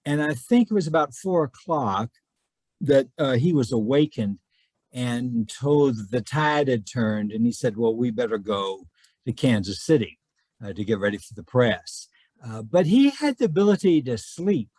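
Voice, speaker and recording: A man telling history anecdotes as a trivia guest over a video call, folksy and rambling, with many pauses and fillers. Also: mid-range voice, darkish tone, dry recording.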